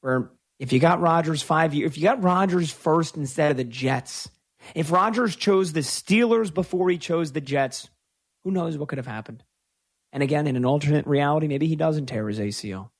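Emphatic, higher-voiced sports radio host. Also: male voice. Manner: opinionated, emphatic, with drawn-out stresses. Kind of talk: call-in sports talk radio.

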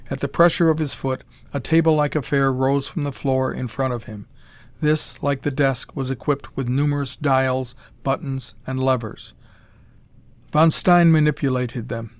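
A man narrates a pulp story in a measured, dramatic way. His voice sits at a middling pitch, and the recording is dry and close with no room sound. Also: no echo. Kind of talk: scripted audiobook narration.

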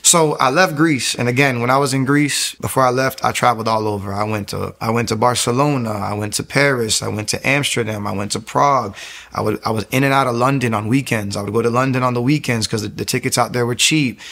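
A man in his thirties giving a personal faith testimony, talking fast, restarting phrases and growing louder and higher at emotional peaks. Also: vocal fry. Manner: fast, rambling storytelling with frequent restarts.

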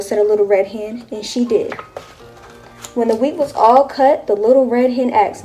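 Warm, high-voiced woman reading a storybook aloud. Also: moderate pace. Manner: steady, rhythmic read-aloud pacing. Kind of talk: reading a picture book aloud.

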